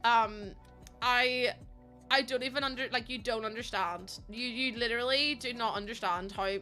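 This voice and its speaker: Young streamer, woman, bright crisp tone, excitable and quick to laugh. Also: on the high side, soft background music. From Northern Ireland. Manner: excitable, gushing, breaks into laughter. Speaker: livestreamer. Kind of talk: casual livestream chat.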